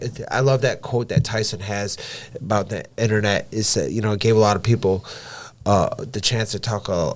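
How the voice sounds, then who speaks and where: A man's voice: fairly low pitch, a little hiss or hum. A man who is a professional boxer and gym owner, telling stories in casual podcast talk, swearing freely and acting out conversations. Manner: animated storyteller, swears freely, acts out dialogue.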